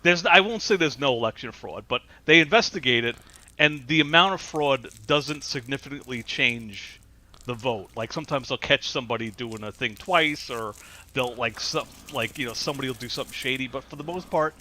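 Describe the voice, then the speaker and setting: A man hosting a podcast, telling stories in a lively way, laughing often and restarting his sentences. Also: medium pitch, fairly quick. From New York. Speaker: podcast host. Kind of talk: casual chat.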